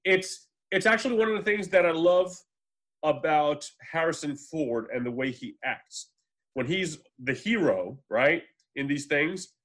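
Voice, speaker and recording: A man's voice: a little high, a bit bright. Rambling, swearing man chatting movies. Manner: rambling, swears freely, does quick voices in anecdotes. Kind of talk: casual movie chat.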